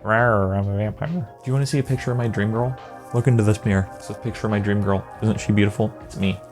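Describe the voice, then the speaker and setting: A man rants in a comedic monologue, sarcastic and exasperated, tossing in exaggerated asides. His voice sits low and sounds mellow and relaxed, with soft music playing faintly underneath. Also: fast talker. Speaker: video creator. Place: indoor green-screen setup.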